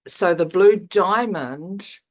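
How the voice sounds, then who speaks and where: A woman's voice: medium pitch, takes it slowly. A woman leading a spiritual circle, speaking earnestly and meandering, with many restarts and fillers.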